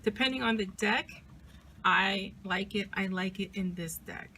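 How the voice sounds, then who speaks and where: Chatty, excited woman reviewing tarot cards. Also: medium pitch, unhurried, background noise. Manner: chatty and enthusiastic, with frequent restarts. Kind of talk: casual deck walkthrough and review. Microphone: zoomed-in camera close-up.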